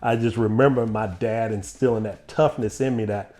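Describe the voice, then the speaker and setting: A man hosting an interview, telling a personal story in a lively, laughing way. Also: on the low side, normal speed. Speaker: interview host. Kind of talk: casual storytelling chat.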